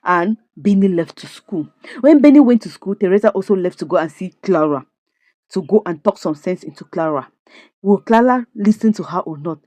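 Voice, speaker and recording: A woman narrates the latest twists of a comedy series like gossip, judging the characters and asking rhetorical questions. Her voice is mellow and soft-edged. The sound is dry and close, with no room around it. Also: mid-range voice, animated, moderate pace, no room sound. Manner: dramatic, judgmental, rhetorical questions. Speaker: series recap commentator. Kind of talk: storytelling recap of a comedy series.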